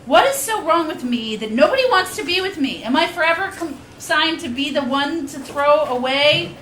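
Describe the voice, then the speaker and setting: A woman in her fifties reads her memoir aloud at a live event, wry and candid, tossing in frank asides. Her voice is bright and a little high. The room is echoey, with faint noise behind her. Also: animated, normal speed, hardly any pauses. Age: 50s. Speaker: reading series host and author. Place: live reading venue.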